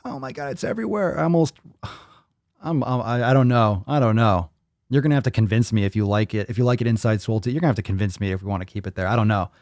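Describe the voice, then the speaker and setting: A man hosting a casual livestream podcast, rambling and profane as he thinks out loud. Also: on the low side, fairly even intonation, very fast, dry recording, studio quality. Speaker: podcast host.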